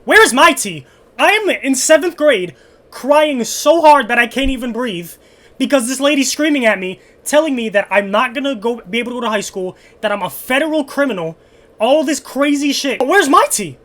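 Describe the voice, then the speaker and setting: A young man tells a story to his viewers in an animated, profane way. His pitch swings up sharply when he gets worked up and sinks low when he turns sheepish. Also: normal speed. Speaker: YouTuber answering fan questions. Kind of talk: casual story time.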